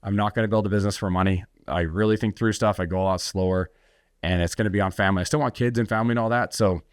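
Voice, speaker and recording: A man's voice: on the low side, fairly even intonation, very fast, clear, resonant tone, dry recording, clean studio sound. A middle-aged man, an entrepreneur guest, telling his story bluntly and intensely in a podcast interview, swearing freely and acting out what others said.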